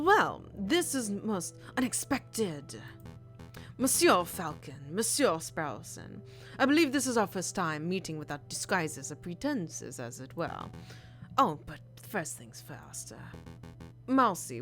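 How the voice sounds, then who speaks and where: A woman voicing a suave, polite male fox gentleman with a light French flair, reading game dialogue aloud. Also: lowish voice, very animated, normal speed, faint music behind. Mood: courtly. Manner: smooth, polite, theatrical.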